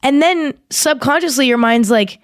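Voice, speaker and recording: A woman's voice: high voice, normal speed, smooth, no room sound, studio quality. A young woman hosting a podcast, chatting casually and rambling with lots of "like". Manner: chatty and rambling, heavy use of "like". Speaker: podcast host. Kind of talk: casual chat with a sponsor read.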